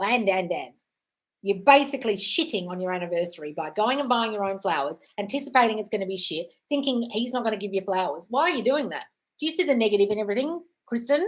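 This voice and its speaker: A woman's voice: medium pitch, lively intonation, rough recording. Woman, live Q&A host, blunt, sweary, reading viewer questions, at home. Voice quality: blunt, sweary, fast-moving. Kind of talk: casual live Q&A. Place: home, dog nearby.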